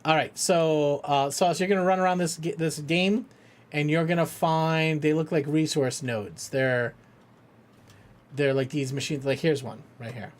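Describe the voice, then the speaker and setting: A man's voice: fairly high pitch, fairly even intonation, measured pace. Laughing, foul-mouthed man streaming a game. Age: middle-aged. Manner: rambling, jokey, swears freely, laughs often. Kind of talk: casual live-stream chat.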